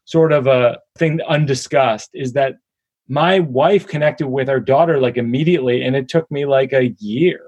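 A man's voice: medium pitch, moderate pace, a little mellow, slightly rough, dry recording, muffled recording. A middle-aged man, a comedian, chatting casually and joking in a self-deprecating way in an interview. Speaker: comedian guest.

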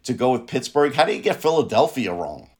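Male podcast co-host, mid-pitched, laid-back delivery with dry wry jokes. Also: sing-song, brisk. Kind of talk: casual sports chat.

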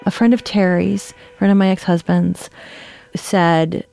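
A woman's voice: lowish voice, steady tone, unhurried, vocal fry, warm tone, no room sound. Woman candidly telling a personal story. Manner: candid, conversational, reenacts dialogue. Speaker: guest storyteller.

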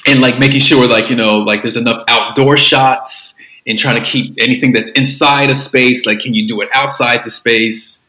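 Male creative guest: bright tone, loose rambling delivery, roomy echo. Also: medium pitch, steady tone, normal speed. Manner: rambling, with many fillers and restarts. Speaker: filmmaker guest. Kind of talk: casual interview talk.

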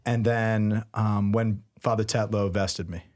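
Animated priest telling a story. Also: male voice, fairly low pitch, slow pace. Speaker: priest, podcast co-host. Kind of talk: casual storytelling chat.

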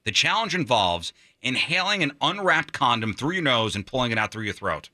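A man's voice: mid-range voice, very animated, brisk, bright, forceful tone, no echo. A man hosting a radio show, chatting casually and joking his way through odd news stories on a close studio mic. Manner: jokey, laughs while telling stories.

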